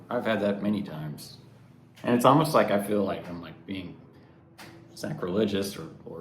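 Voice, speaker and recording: Deep-voiced earnest man in a roomy space. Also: moderate pace. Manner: earnest, conversational, many restarts and fillers. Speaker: devotional speaker. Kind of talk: personal devotional reflection. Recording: roomy echo, faint background noise.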